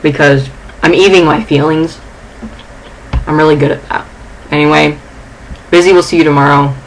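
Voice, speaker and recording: A young woman vlogging from her dorm room. She is shaken and angry, and her speech is halting and full of restarts. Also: low-pitched, steady tone, a little hiss or hum, low-quality recording. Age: young adult. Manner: agitated, halting, restarting sentences. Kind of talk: casual vlog.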